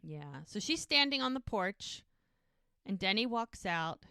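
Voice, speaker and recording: A woman's voice: medium pitch, big pitch swings, unhurried, gravelly, pushed and bright, clear, resonant tone, no echo, clean studio sound. A woman co-hosting a podcast, animatedly retelling scenes in casual chat full of "she's like" asides. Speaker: podcast co-host. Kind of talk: casual episode recap chat.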